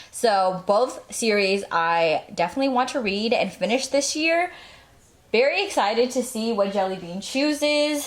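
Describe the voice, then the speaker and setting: A woman book vlogger chatting casually in a bubbly, gushing way. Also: mid-range voice. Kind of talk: casual vlog chat. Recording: echoey room.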